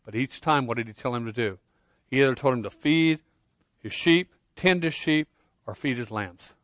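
A man preaching a sermon, earnest, swinging between loud emphasis and quiet intensity, often repeating words as he starts a phrase. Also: mid-range voice, moderate pace, no echo. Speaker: pastor.

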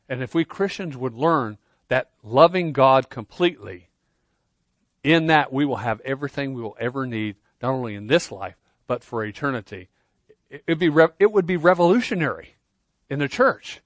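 Man, preacher, earnest sermon, loud then hushed, repeats words, dry sound. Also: mid-range voice, lively intonation, normal speed, no echo. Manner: earnest, repeats words when starting phrases; swings between loud emphasis and quiet intensity. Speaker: pastor.

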